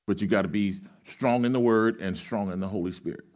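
A male pastor with a lowish, slightly mellow voice preaches at a fairly quick pace. He reads scripture aloud, explains it the way a teacher would, and poses questions the congregation answers back in call-and-response.

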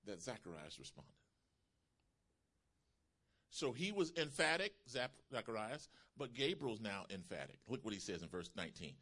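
A man preaching a sermon as pastor, emphatic and calling out to his congregation, building to shouts. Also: medium pitch. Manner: calls to the congregation.

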